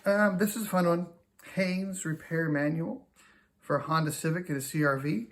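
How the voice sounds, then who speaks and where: A man's voice: a little high, moderate pace, a bit bright. A man chatting casually to camera as a small-time reseller, self-mocking and full of fillers. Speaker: reseller and vlogger.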